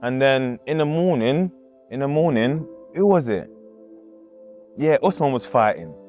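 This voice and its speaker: A man's voice: medium pitch, animated, measured pace, darkish tone, faint music behind. A man telling an emotional personal story in a casual way, acting out the voices of people he quotes and going over the same words again. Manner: casual, acts out quoted voices, repeats himself.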